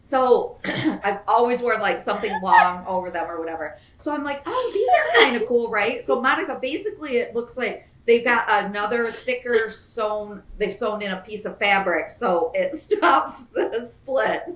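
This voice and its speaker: A woman's voice: mid-range voice, normal speed, fairly bright tone. A woman co-hosting a casual podcast, telling candid, blunt stories among friends. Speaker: podcast co-host. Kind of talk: casual chat.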